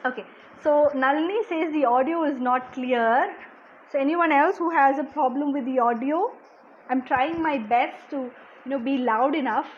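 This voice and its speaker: A woman from India teaching a live online class, answering viewers' questions in a soft, quiet voice, saying "okay" often. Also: moderate pace, lo-fi sound, a little hiss or hum. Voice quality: soft-spoken, low volume. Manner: explanatory, reads out viewer comments, frequent "okay". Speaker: language exam coach. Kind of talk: live-streamed lesson answering chat questions.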